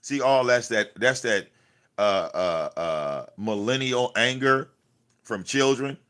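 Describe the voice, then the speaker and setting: A man's voice: medium pitch, animated, slow pace, fairly bright tone, clear, resonant tone. A man hosting a livestream, ranting at someone in a confrontational, profane way and repeating himself. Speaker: livestream host. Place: cluttered home room.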